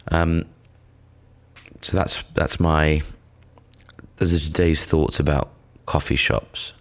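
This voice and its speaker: A man's voice: rumbling low, flat delivery, slow pace, pauses often. A man from Britain hosting a comedy podcast, rambling through a sardonic, sweary monologue.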